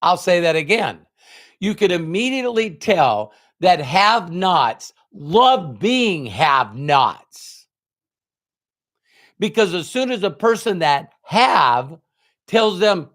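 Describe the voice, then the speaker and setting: A man's voice: high-pitched, sing-song, slow, fairly bright tone. A man giving a motivational talk, telling a personal story with emphatic quoted dialogue. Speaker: motivational speaker.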